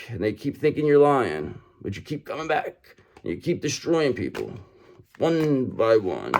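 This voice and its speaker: A man's voice: mid-range voice, very animated, normal speed, a little mellow. A man giving a tarot reading straight to his viewers, talking emphatically, repeating himself for effect and checking in with "okay?" and "brother". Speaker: tarot reader.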